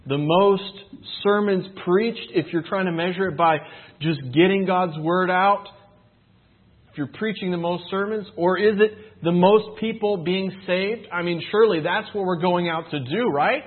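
A man delivers a sermon in a husky, slightly raised voice, leaning into rhetorical questions and pressing his points home with earnest emphasis. The sound is thin and tinny, like it is coming down a phone line. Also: sits high, measured pace. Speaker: preacher.

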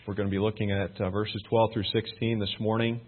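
A man's voice: lowish voice, level tone, fairly quick. A man preaching a plain, conversational sermon as pastor, building to emphatic points. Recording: thin phone-like sound.

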